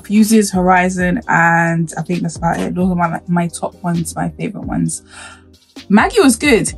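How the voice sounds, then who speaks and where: A gaming YouTuber with a husky, mid-range voice talks casually in a reaction vlog, breaking into excited exclamations before rambling on.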